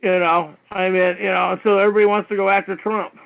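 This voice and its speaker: On a dull, lo-fi internet radio stream, a man hosts a call-in talk show, lecturing in a heated, rambling monologue full of "you know" and swearing. His voice sits high and creaky, with little pitch movement and a quick pace.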